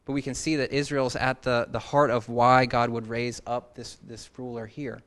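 A man's voice: mid-range voice, level tone, normal speed, fairly bright tone. A man teaching a Bible passage in a casual expository sermon, talking conversationally and dropping joking asides.

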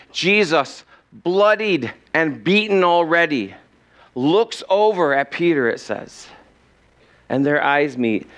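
A man as pastor, preaching a sermon in a slow, earnest storytelling way with dramatic pauses. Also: a little high, fairly bright tone.

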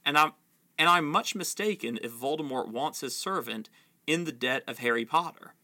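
A man voicing a wise old wizard headmaster, reading his lines gravely from a novel. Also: on the high side, animated, normal speed, sharp tone. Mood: gentle.

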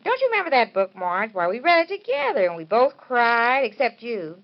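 An actress playing Jane, a chatty, nostalgic wife who rambles and teases, in an old radio comedy. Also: female voice, on the high side, big pitch swings, a little fast. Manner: rambling, wistful, teasing. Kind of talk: 1930s radio comedy acting. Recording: dull lo-fi old radio recording.

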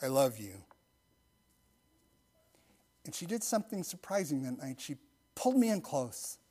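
Soft-spoken middle-aged man preaching. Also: fairly high pitch, very animated, breathy edge. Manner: soft-spoken, intimate storytelling that drops to near-whispers; slow, earnest prayer cadence. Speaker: pastor. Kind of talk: sermon with personal story and prayer.

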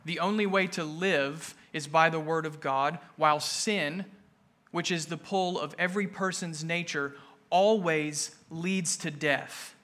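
Bright-voiced man preaching a slow, emphatic sermon. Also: a little high, fairly even intonation. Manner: emphatic, building to raised intensity. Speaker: pastor.

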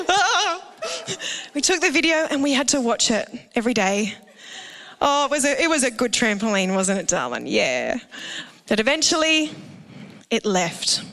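Australian woman pastor, animated and jokey, preaching in a reverberant church hall; sharp, bright tone. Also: sits high. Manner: animated, jokey asides to the congregation. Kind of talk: sermon with personal storytelling. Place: church auditorium.

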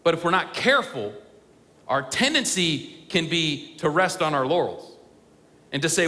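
Male pastor, high bright tone, earnest rhetorical preaching, long hall reverb. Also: very animated, normal speed. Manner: earnest, rhetorical, acts out voices of complainers. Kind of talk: sermon.

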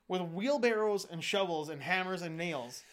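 High-voiced man riffing bluntly. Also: expressive. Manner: blunt, swears, riffs with quick jokes. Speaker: podcast co-host. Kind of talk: casual chat.

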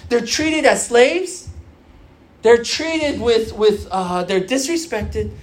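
Slow, earnest preacher who repeats phrases for emphasis. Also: medium pitch, lively intonation. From Korean background. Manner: hesitant restarts with fillers. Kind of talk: sermon to young churchgoers.

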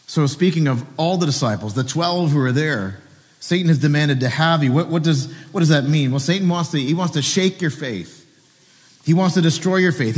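Male pastor preaching in an echoing hall. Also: fairly high pitch. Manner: animated storytelling, with asides. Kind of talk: sermon.

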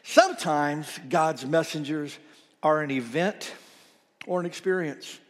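A male pastor with a high, light voice delivers a storytelling sermon, acting out the people he quotes. He sometimes sinks to a hushed, almost whispered tone, and his voice rings out with a long echo in a big church hall. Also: measured pace. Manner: storytelling, quoting others in lively retellings, dropping to soft near-whispers. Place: church sanctuary.

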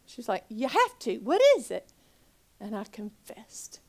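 A woman minister giving a personal testimony, swinging from loud pleading to near whispers and acting out her own past words. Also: very animated, unhurried. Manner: acts out her own past dialogue in a higher voice.

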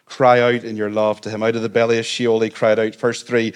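A man's voice: fairly low pitch, flat delivery, a little fast, hardly any pauses, clean tone. A man pastor delivers a Sunday sermon in a mid-range voice. He is earnest and conversational. He breaks in with light, self-deprecating humor.

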